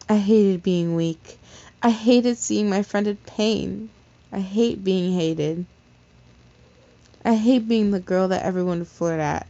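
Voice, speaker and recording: A woman's voice: on the low side, fairly even intonation, measured pace, dark tone. A woman reading a fan fiction story aloud in a casual way, stumbling over words and correcting herself. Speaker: story reader. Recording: slightly dull lo-fi recording.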